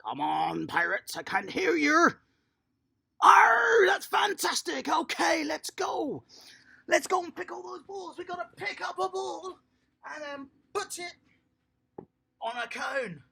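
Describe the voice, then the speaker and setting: A toddler tennis coach leading a lively online lesson for small children, upbeat and encouraging, praising each child by name. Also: very high voice, unhurried, gravelly.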